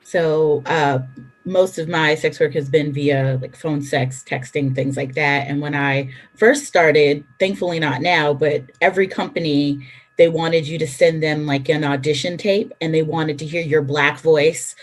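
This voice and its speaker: Low-voiced woman on a panel, frank, acts out quotes as she tells it. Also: moderate pace. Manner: frank, animated storyteller acting out quotes. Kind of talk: casual panel discussion.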